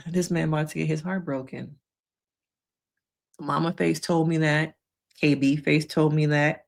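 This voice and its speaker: A woman therapist giving casual reaction commentary to viewers, talking directly to them and acting out quotes in high voices. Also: fairly even intonation, a little slow, creaky, pauses often. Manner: conversational, addresses viewers directly. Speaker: therapist reacting to a reality show.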